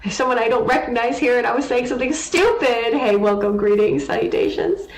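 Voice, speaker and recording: A woman's voice: on the high side, a little fast. A young adult woman streaming a game live, chatting casually and teasingly answering her chat. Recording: echoey room with faint noise.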